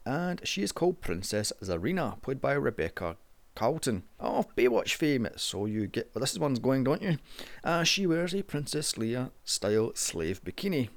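A man narrating a casual movie review in a sarcastic, sweary way. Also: medium pitch.

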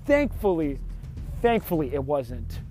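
A man's voice: on the high side, big pitch swings, a little slow, mellow, soft background music. A young man telling a frustrated story in a rambling, casual way, swearing often and filling his speech with "like.".

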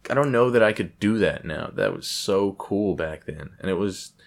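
A young man with a low voice chats on his own podcast in a loose, rambling way. He swears freely and pokes fun at himself as he goes. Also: expressive, moderate pace. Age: young adult. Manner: rambling, profane, self-deprecating. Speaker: podcast host. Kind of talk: casual solo podcast chat.

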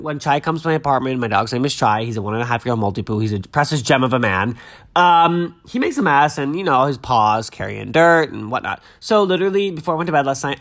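Bright and a touch high, this young podcast host's voice has a slightly stuffy-nosed quality. Between casual chat, he reads the news out loud with gushing drama.

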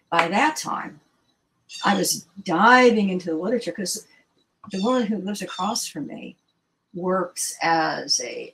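A woman in a casual interview, emphatic and animated, firing off rhetorical questions. Her voice sits at an ordinary middle pitch, with a faint hiss of noise behind her. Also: rough recording. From Washington, D.C. area. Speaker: interview guest, surgeon.

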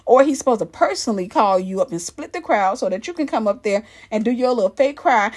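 Emphatic woman with a higher voice. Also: brisk, hardly any pauses. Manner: emphatic and animated, acts out the people she mocks. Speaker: church volunteer and commentator. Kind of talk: candid commentary on church culture.

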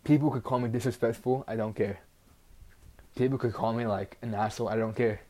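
A man's voice: medium pitch, fairly even intonation, fairly quick, mellow. A teenage boy hosting a casual solo podcast, rambling bluntly with constant "like" fillers and a frustrated edge. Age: teens. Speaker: podcast host.

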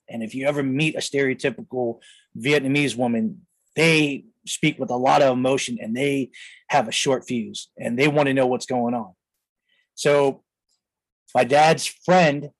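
A man's voice: medium pitch, dry recording, low-quality recording. A man in his thirties hosting a podcast, telling a personal story in a rambling way full of fillers, recorded on a close mic in a studio. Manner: rambling, filler-heavy, with "you know" and "like". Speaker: podcast host. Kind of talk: casual storytelling.

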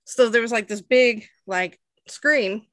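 A woman in her twenties tells a story in easy, rambling chat, full of fillers and quick laughs. Her voice is bright and forward, recorded close and dry. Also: fairly high pitch, no room sound. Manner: chatty storytelling, laughs often, many fillers. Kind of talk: casual chat.

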